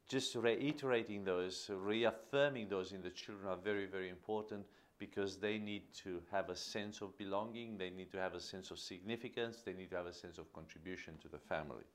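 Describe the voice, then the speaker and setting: A man's voice: low-pitched, brisk, hardly any pauses. A man hosting a podcast, giving an earnest teaching monologue on parenting and stressing key phrases by repeating them. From Australia. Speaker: podcast host.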